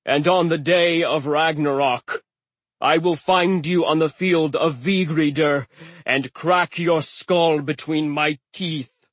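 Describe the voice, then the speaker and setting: A man voicing a wounded male stone giant who croaks out slow, spiteful threats in a storybook reading. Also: on the high side, steady tone, a bit bright, no room sound, pitched above the performer's own voice. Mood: mocking menace. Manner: slow, sneering and menacing.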